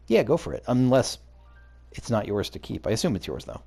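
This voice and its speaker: Enthusiastic let's play host, lively, gravelly, chats over game music. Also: male voice, lowish voice, fairly quick. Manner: chatty, enthusiastic, self-interrupting. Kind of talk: casual game commentary.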